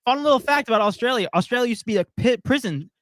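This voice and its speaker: A man's voice: extremely high pitch, lively intonation, rapid-fire, no room sound, studio quality. A young man co-hosting a casual sports podcast, joking and reading viewer comments aloud. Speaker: podcast co-host.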